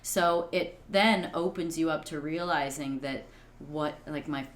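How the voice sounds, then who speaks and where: Low-voiced woman, earnest and reflective. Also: unhurried, roomy sound. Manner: earnest, many fillers like "like". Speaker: podcast guest. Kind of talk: reflective conversation.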